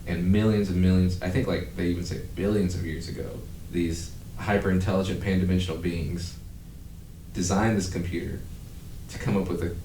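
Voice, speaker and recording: A man's voice: sits low, fairly even intonation, brisk, mellow, recorded from a distance, slight background noise. A man hosting a podcast, chatting casually and rambling, with frequent swearing. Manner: rambling, profane, breaks into laughter. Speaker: podcast host. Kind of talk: casual chat. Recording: echoey room.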